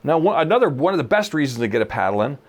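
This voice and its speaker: A man in his forties or fifties, co-hosting a podcast in casual chat, an animated storyteller who laughs often and acts out the people he quotes. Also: on the high side, rapid-fire. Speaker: podcast co-host.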